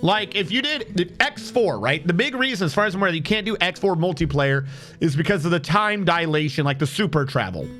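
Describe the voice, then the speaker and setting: A young man with a mixed Texan and New England accent talks to his stream audience in a high voice. He rambles freely and swears casually. Faint game music plays behind him. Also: lively intonation, brisk, fairly bright tone. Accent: mix of Texan and New England. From Texas, born in Massachusetts.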